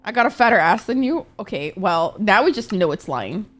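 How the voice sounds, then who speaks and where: A woman's voice: mid-range voice, big pitch swings, a little fast, faint music behind. A woman streaming a game live, chatting casually with her viewers, swearing often and reacting to chat.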